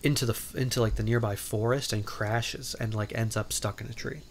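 The host speaks briskly in a fairly low, fairly even voice, and there's slight background noise. He's recapping a movie on his podcast in a casual, rambling way, full of "like" and "um," with playful self-interrupting asides.

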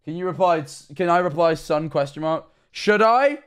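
Young guy ranting at clips on stream, bit high voice, swears a lot, keeps going off track. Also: steady tone, fairly quick, clean tone. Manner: rambling, incredulous, swears often. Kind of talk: live-stream reaction commentary.

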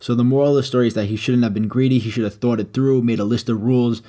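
A man's voice: mid-range voice, fairly even intonation, very fast, dark tone. A man casually retelling an old myth as a comedy, full of slang, swearing and "uh" fillers. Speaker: storyteller.

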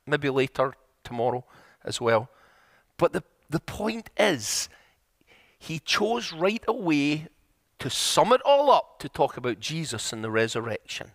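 A man's voice: fairly high pitch, big pitch swings, a little slow, long pauses, a bit bright, no echo, clean studio sound. A middle-aged man preaching a sermon in a church, telling stories earnestly and building to emphatic, repeated points.

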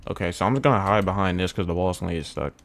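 A young man commenting casually on a video game at home, muttering low, then yelling when excited, repeating himself with lots of bro and man. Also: very fast. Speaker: gaming YouTuber. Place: at home indoors.

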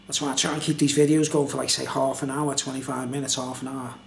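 A man's voice: medium pitch, little pitch movement, fast talker, vocal fry, slight background noise. A tipsy man reviewing beer in a casual, meandering monologue full of filler phrases. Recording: echoey room.

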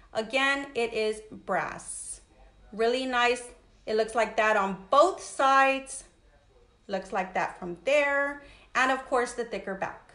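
Upbeat livestream seller, woman, high bright voice, echoey room, greets viewers by name. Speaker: jewelry seller hosting a livestream. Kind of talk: casual live sales chat.

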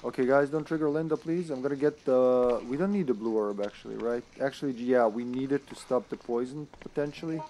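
A man giving casual live commentary while playing an online co-op game, thinking aloud and laughing, with sudden excited outbursts. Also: medium pitch, a little fast, hardly any pauses, a little hiss or hum.

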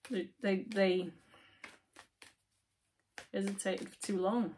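Husky woman reading tarot. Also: medium pitch, fairly even intonation, normal speed. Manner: chatty, with frequent fillers, dropping to near-whispers at times. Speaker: tarot reader. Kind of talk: casual tarot reading to camera.

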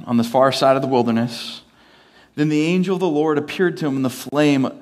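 A pastor giving a sermon, telling stories in a loose, conversational way with filler words and restarts. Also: male voice, mid-range voice.

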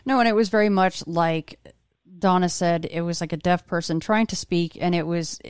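Low-voiced chatty woman host. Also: moderate pace, smooth, no echo, clean studio sound. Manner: chatty, storytelling, many restarts. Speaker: podcast host. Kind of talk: casual interview chat.

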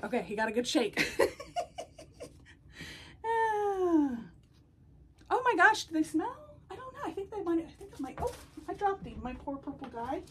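A woman hosting a casual unboxing vlog at home, gushing and excitable as she talks to her viewers. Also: extremely high pitch, moderate pace, pauses often, a little hiss or hum. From United States. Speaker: doll collecting channel host.

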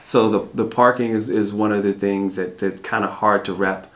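A low-pitched American man from Arkansas answers viewer questions in a relaxed family chat. He stumbles and repeats words as he goes, restarting sentences mid-thought. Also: moderate pace. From Arkansas, USA. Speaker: family vlog co-host. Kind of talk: casual Q&A chat.

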